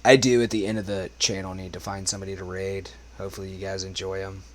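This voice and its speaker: A man's voice: low voice, little pitch movement, quick pace, a little hiss or hum. A young man chatting loosely on his livestream between karaoke songs, rambling and swearing often, his voice worn from smoking. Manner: rambling, swears a lot, talks to chat. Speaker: karaoke streamer. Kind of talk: casual livestream chat.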